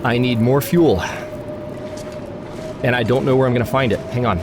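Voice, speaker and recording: Over game music in the background, a man hosts a let's play, rambling through commentary and grumbling at the game in exasperated asides. He has a mid-range voice at a moderate pace, with some background noise.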